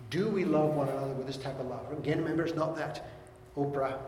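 A middle-aged man preaching a sermon as pastor, earnestly teaching and reading verses aloud slowly. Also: medium pitch, a little mellow, slight background noise. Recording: echoey hall with long reverb.

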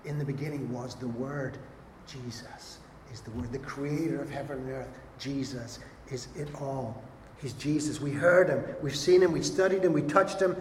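A man's voice: medium pitch, steady tone, moderate pace, darkish tone, slight background noise. A man preaching a sermon, earnest and emphatic, often repeating his points. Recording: echoey hall with long reverb.

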